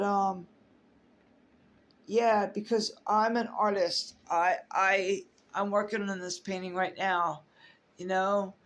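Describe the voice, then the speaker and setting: A woman telling a personal story on her vlog, holding back tears, halting with many fillers and restarts. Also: mid-range voice. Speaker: artist sharing a personal story.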